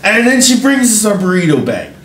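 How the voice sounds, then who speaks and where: A man's voice: high-pitched, big pitch swings, fairly quick, a bit bright. A man sharing a laid-back, laughing story in casual podcast chat. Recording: roomy room, faint noise.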